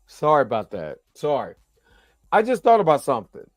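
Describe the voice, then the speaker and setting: A tired man, yawning after a long work shift, hosts a casual, rambling review of a TV episode full of slang, chatty and constantly asking "you know what I'm saying." His voice is a little high with wildly swooping pitch and normal speed, recorded in studio quality with no echo and soft background music.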